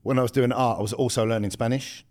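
A man co-hosting a podcast, talking in laid-back, sweary casual banter with quick laughs. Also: mid-range voice, fairly even intonation, darkish tone. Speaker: podcast co-host.

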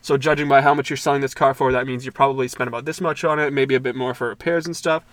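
Young guy on a podcast, chill and crude, laughs a lot, mid-pitch voice. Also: steady tone, fast talker, fairly bright tone, no echo. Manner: laid-back, crude, laughs often. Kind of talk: casual storytelling chat.

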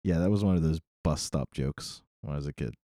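A man's voice: rumbling low, fairly quick, no room sound, studio quality. A man, a guest on a podcast, casually telling a joke with lots of laughter and acted-out voices. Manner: animated, laughing, acts out voices.

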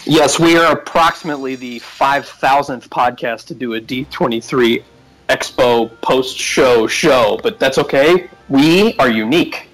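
A man co-hosting a casual podcast, rambling and jokey, quick to mock himself. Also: medium pitch, fairly bright tone, low-quality recording. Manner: jokey, rambling, self-mocking. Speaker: podcast co-host.

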